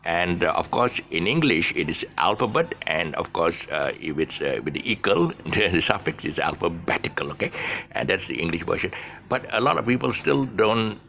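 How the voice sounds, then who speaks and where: A man's voice: low-pitched, expressive, moderate pace, vocal fry, sharp tone, slight background noise. A man teaching a casual English lesson, rambling with fillers and restarts as he explains words. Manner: rambling, many fillers and restarts, laughs at himself.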